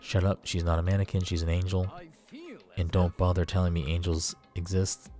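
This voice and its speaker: Man voicing a pleading, melodramatic young otaku, deep-voiced, faint game music under. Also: flat delivery, normal speed, dark tone, lightly acted.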